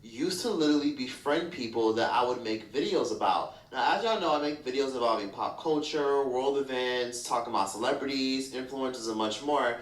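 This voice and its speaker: A man's voice: mid-range voice, moderate pace, few pauses. Blunt, profane man telling a story. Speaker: commentary YouTuber. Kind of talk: story-time commentary. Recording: echoey room, distant mic.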